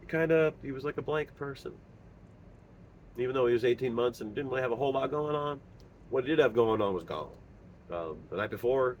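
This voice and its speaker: A middle-aged man telling a personal story as a father, halting and earnest, with many pauses and fillers. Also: medium pitch, dull audio, a little hiss or hum. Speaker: father sharing his story. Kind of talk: personal monologue.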